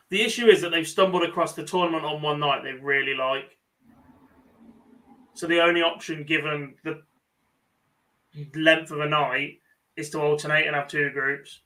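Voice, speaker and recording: A man with an English accent co-hosting a casual chat, blunt and sarcastic, quick with a dry joke. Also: a little high, sharp tone, far from the mic, low-quality recording. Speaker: podcast co-host. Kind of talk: casual banter.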